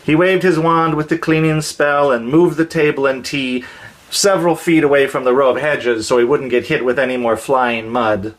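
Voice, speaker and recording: A man with a mid-range voice reads a children's story aloud at a moderate pace, gentle and expressive.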